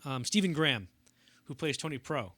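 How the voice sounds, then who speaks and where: A man's voice: on the high side, lively intonation, moderate pace, a bit bright, no echo. A young man co-hosting a casual film podcast, rambling through anecdotes and acting out quotes in bursts. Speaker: podcast co-host.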